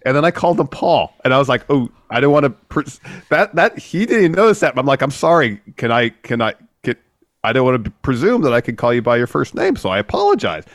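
A man co-hosting a comedy show, flustered and defensive, over-explaining himself in rapid bursts. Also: medium pitch, very animated, no room sound, studio quality. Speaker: co-host and interviewer. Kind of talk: casual comedy banter.

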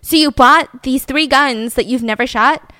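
A woman voicing intense male police detectives, loud and exasperated as they press a suspect. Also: high-pitched, a little slow, no room sound, studio quality.

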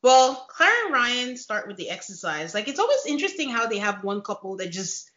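Woman podcast host, lively storytelling, bright voice, dull roomy sound. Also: a little high, brisk. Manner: chatty, laughs often, animated retelling. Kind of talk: casual reality-show recap chat. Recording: dull lo-fi echoey room.

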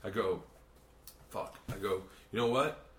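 A man hosting a podcast, telling a long story in casual chat, swearing a lot and rambling with animated energy. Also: mid-range voice, fast talker, a little hiss or hum. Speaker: podcast host and comedian. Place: hotel room. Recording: roomy hotel room echo.

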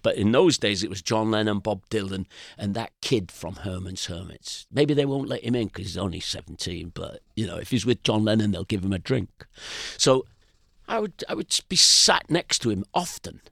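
Older man, low voice, rambling anecdotes. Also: moderate pace, gravelly, no room sound, studio quality. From Britain. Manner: rambling, anecdotal, animated with restarts. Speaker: guest. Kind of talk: casual interview storytelling.

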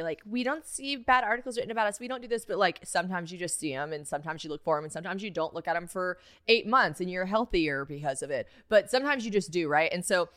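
A young woman hosting a podcast, telling stories fast in casual chat, laughing often and acting out quotes, talking a little differently on temporary veneers. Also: on the low side, a bit bright, no echo, studio quality. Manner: giggly, fast storytelling with acted quotes. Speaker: podcast host.

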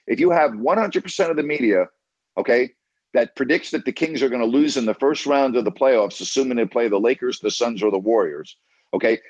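A man's voice: medium pitch, no echo, dull audio. A man hosting a call-in sports radio show, blunt and emphatic, who keeps repeating himself to press his point.

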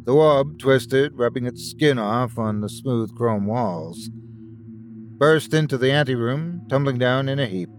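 A man narrating a scripted story in an expressive, dramatic way. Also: medium pitch, measured pace, faint music behind. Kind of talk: scripted horror story reading.

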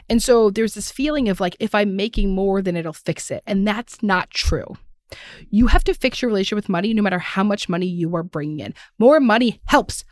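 A woman's voice: medium pitch, no echo, clean studio sound. A woman hosting a conversational podcast, talking frankly and self-deprecatingly about her own experience, often acting out quoted voices. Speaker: podcast host. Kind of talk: candid conversational chat.

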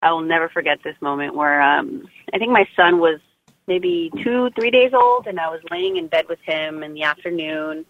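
A woman's voice: low-pitched, expressive, moderate pace, no room sound. Chatty woman on a tinny phone line. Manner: chatty, heartfelt, lots of "you know" and "like". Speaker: guest mother sharing birth story. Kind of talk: casual interview over phone.

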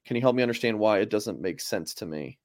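A man's voice: on the low side, lively intonation, quick pace, no echo. Brief: casual male sports show host, dry close sound. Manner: casual, reading viewer comments.

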